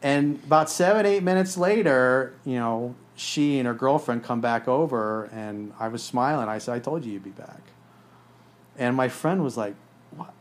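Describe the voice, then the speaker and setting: A man's voice: medium pitch, normal speed. Blunt, swearing male podcast host. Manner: blunt, profane storytelling. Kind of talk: casual podcast chat.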